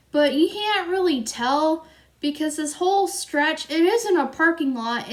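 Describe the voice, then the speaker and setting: A woman's voice: high voice, fairly bright tone. A young woman telling a story in a vlog, chatty and rambling, with frequent fillers and giggles. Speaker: vlogger.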